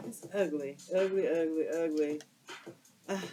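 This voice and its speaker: A woman's voice: on the low side, steady tone, unhurried, mellow, a little hiss or hum, poor audio. A woman doing a casual tarot card reading for her viewers, exclaiming and using slang as she turns the cards. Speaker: tarot reader.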